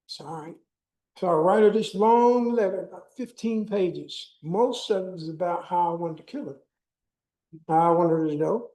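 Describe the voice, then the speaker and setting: Older male speaker, warm dark tone, testimony-style storytelling with dialogue. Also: sits high, moderate pace, low-quality recording. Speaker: keynote speaker. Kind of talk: personal testimony speech.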